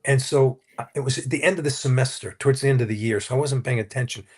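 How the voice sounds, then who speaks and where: Talking fast in a husky, darkish, medium-pitched voice, a Christian counselor tells his personal testimony during a conversational interview. He is earnest and anecdotal, often repeating what others said.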